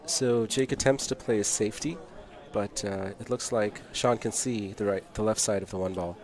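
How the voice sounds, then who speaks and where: Low-voiced man calling pool shots. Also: moderate pace. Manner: steady play-by-play, reads viewer chat aloud. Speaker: pool match play-by-play commentator. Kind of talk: casual live stream commentary.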